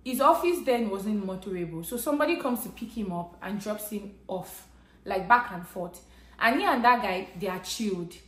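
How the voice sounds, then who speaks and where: A woman's voice: mid-range voice, expressive, moderate pace. A Nigerian woman with a Nigerian English accent, telling a personal story to camera in an earnest, conversational way. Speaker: vlogger. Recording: echoey room.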